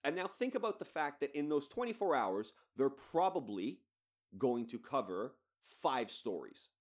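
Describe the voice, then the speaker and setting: A man's voice: mid-range voice, very animated, normal speed. A man hosting a podcast, ranting bluntly and swearing freely. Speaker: podcast host. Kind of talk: solo podcast rant.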